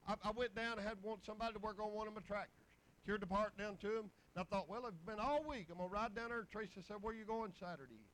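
High-voiced folksy preacher man. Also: quick pace, few pauses, a bit bright, poor audio. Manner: folksy, rambling testimony with scripture quotes. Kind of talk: sermon.

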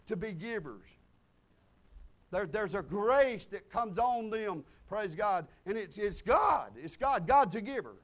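A middle-aged man, preaching a folksy, animated sermon full of personal stories and bursts of loud emphasis. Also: sits high, measured pace. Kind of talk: sermon storytelling.

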